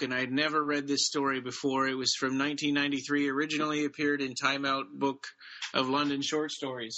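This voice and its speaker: A podcast co-host, a man with a bright, forceful, medium-pitched voice, casually retells a short story during a relaxed chat about books. He tells it loosely, with lots of ums and restarts, and the recording is muffled.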